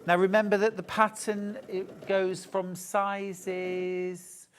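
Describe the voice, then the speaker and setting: A man's voice: sits high, completely flat delivery, slow pace, a little hiss or hum. A man presenting a live shopping show, chatting and joking as he gushes over fabrics. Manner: chatty, gushing, jokey. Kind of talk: live sales chat.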